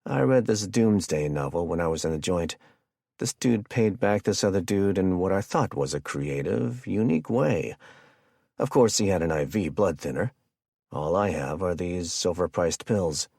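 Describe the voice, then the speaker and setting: A man's voice: deep voice, animated, normal speed, creaky, a little mellow, no echo, clean studio sound, heavily acted. A man playing a jovial, sadistic male hitman who chats and jokes while he menaces his captive. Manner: chatty, joking, casually menacing.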